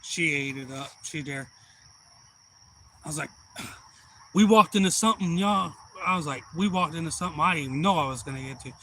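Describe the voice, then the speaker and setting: Man, casual live-stream storytelling, bright tense voice, slightly high pitch, faint crickets behind. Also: brisk, pauses often, a little hiss or hum, rough recording. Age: adult father. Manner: rambling, animated retelling with quoted voices. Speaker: outdoors channel host.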